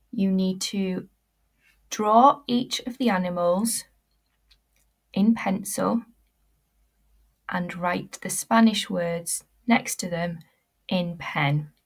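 A woman teacher giving a recorded language lesson, modelling words slowly and clearly for pupils to repeat. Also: medium pitch.

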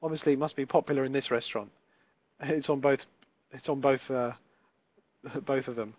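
A man's voice: medium pitch, steady tone, moderate pace, long pauses, dry recording. A man teaching a live online Italian class, encouraging and patient, pronouncing Italian words carefully for his students.

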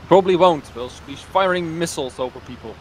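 A man talking fast with his teammates during a video game, his callouts quick and offhand. His voice sits at an ordinary pitch for a man, with faint noise behind it. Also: low-quality recording. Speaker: teammate on voice chat. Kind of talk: casual chat while gaming.

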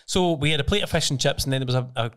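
A man's voice: mid-range voice, rapid-fire, fairly bright tone, smooth. A man, a guest comedian, telling funny anecdotes on a podcast and laughing through them. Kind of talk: casual storytelling. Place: podcast studio.

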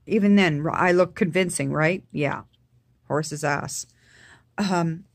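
A woman from Canada telling a personal family story in a halting, emotional way, full of fillers and restarts, her voice sinking quiet at the hardest parts. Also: sits low, dry recording, clean studio sound. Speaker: vlogger.

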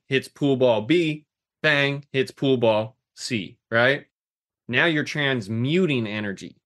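A man's voice: mid-range voice, fairly bright tone. A man with a mid-range voice talks with raw passion, pressing his points hard and dropping the odd curse. He sounds like a coach sharing hard-won lessons in a podcast conversation. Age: adult, has a daughter. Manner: passionate, intense, swears freely. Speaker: guest coach. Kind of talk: emotional podcast talk.

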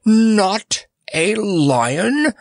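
A man voicing a furious, hoarse male monarch given to childish tantrums in a storybook reading. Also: wildly swooping pitch, fairly bright tone, no echo, studio quality, full character voice. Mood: shocked. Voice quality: hoarse, shrill. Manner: screaming, drawn-out outbursts.

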